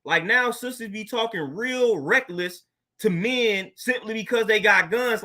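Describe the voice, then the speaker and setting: Bright, high-voiced man in casual talk. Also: measured pace. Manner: laid-back, conversational, laughs often, street slang. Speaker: podcast host. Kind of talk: casual monologue commentary.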